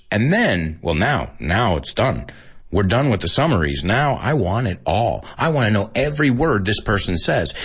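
Husky guy teaching english live, super animated pitch, mixes in spanish, laughs a lot. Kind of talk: live-streamed language lesson.

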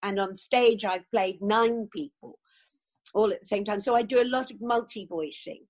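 An older woman, telling animated stories of her acting work in an interview. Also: medium pitch, moderate pace. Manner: lively, animated storytelling with acted quotes. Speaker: actress. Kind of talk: interview chat.

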